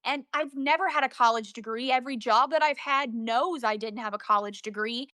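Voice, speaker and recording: High-voiced young woman telling stories. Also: a little fast, no room sound, studio quality. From Central Illinois. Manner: emotional, animated storytelling with quoted dialogue. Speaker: guest, journalist. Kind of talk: storytelling in a casual interview.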